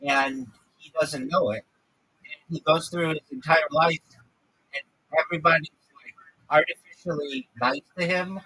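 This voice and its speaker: A man's voice: a little high, fairly even intonation, measured pace, pushed and bright, slightly rough, no room sound, rough recording. A man talking casually on his livestream, ranting and swearing freely. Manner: profane, ranting.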